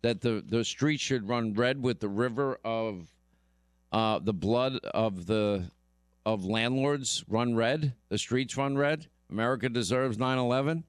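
A man's voice: mid-range voice, a little slow, smooth, no echo, studio quality. A male radio talk show host giving emphatic commentary and often repeating himself.

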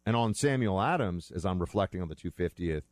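A man's voice: low voice, lively intonation, fairly quick, a little mellow, dry recording. A man talking casually as a host, rambling and correcting himself as he goes, with the odd chuckle. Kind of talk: casual monologue.

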